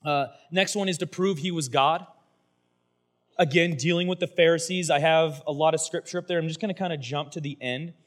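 A man preaching a sermon, telling scripture stories in a casual, animated way with playful voiced asides. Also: on the high side, fairly quick. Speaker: pastor.

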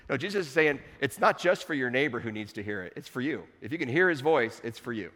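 A man preaching a sermon to his congregation in a relaxed, conversational way with playful asides. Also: medium pitch, quick pace, hardly any pauses, long reverb tail. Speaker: pastor. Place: church sanctuary.

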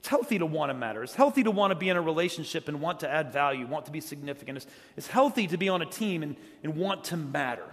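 A middle-aged man from South Carolina preaching from a church stage, with a voice that sits high for a man. He talks in a loose, joking way, and his words ring out with a long hall reverb behind them. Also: animated, quick pace, few pauses. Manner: joking, conversational, swings from loud storytelling to quiet earnest. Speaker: guest preacher. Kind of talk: humorous storytelling sermon. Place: church sanctuary.

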